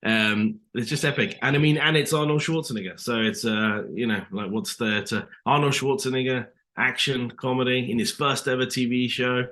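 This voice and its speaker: A man's voice: mid-range voice, steady tone, moderate pace, few pauses, fairly bright tone. A man with an English accent, a guest actor talking casually in an interview, rambling with lots of fillers. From England.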